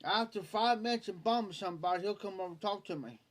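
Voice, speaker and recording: High-voiced and fast, a male live-stream host tells a personal story. The telling is casual and rambling, full of repetition and quoted remarks from others.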